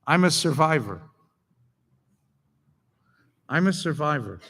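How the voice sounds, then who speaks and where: A man's voice: fairly high pitch, big pitch swings, slow pace, sharp tone, heavily acted. A man putting on a curt elderly survivor. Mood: solemn. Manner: terse clipped replies. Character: elderly male Holocaust survivor, curt, guarded, grieving. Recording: long reverb of a large hall.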